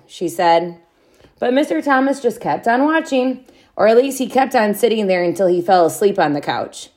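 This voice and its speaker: A woman reading a children's chapter book aloud, with expressive, drawn-out storybook delivery. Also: mid-range voice.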